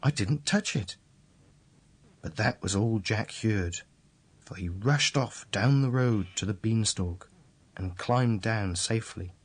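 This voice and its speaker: Slow, husky male storyteller. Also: lowish voice. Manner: slow, deliberate, repetitive storytelling. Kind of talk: reading a fairy tale aloud.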